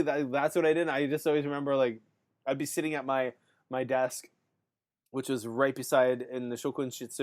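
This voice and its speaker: A man's voice: medium pitch, a little mellow. A male podcast host in casual chat who rambles, fills his talk with "um" and "like", and laughs often. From Canada.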